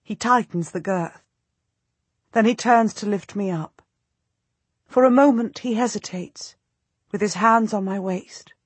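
A woman narrating a historical novel in the first person, with measured, expressive storytelling. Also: mid-range voice, husky, no room sound. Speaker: audiobook narrator.

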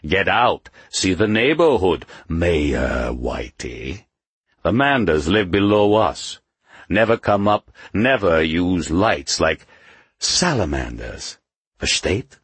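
A man's voice: deep voice, sing-song, slow pace, husky, no echo, voice pushed up, exaggerated voice. A man voicing Mephisto, a silky hissing underground leader. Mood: conspiratorial. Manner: suspicious, cackling, grim. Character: sly male underground community leader.

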